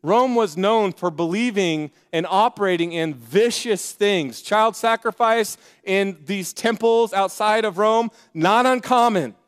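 A man preaching a sermon in an energetic, conversational way, with joking asides to the congregation. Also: high voice, a little slow, hardly any pauses, clear, resonant tone. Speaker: pastor. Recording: long reverb of a large hall.

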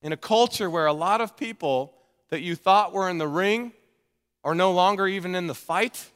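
A man preaching a sermon to his congregation in a casual, energetic way, often restarting his sentences. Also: high-pitched, normal speed, clean tone. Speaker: pastor. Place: church sanctuary. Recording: long hall reverb.

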